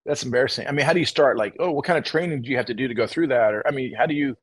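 A man telling a story in casual conversation, animated, acting out the people he quotes. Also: mid-range voice, rapid-fire, breathy edge. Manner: animated, acts out quoted voices. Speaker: guest minister.

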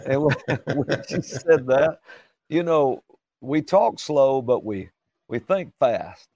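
A man's voice: medium pitch, lively intonation, slow pace, darkish tone, no room sound. A middle-aged man from Alabama with a Southern accent, telling a joking story in a folksy way as an interview guest. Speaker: guest minister.

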